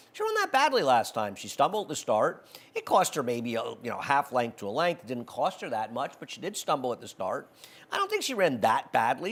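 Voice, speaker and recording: A man's voice: medium pitch, fairly bright tone. A man hosting a horse racing betting show, giving blunt, opinionated handicapping in casual chat.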